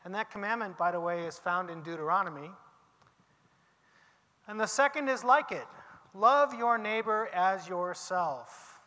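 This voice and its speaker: A man teaching a class, lecturing with lively questions to his students. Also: high voice, a little slow, in a large hall.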